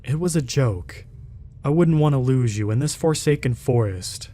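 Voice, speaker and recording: A man's voice: medium pitch, expressive, moderate pace, dark tone, close to an everyday voice. A man voicing a joking young friend in a spoken horror story, teasing and upbeat.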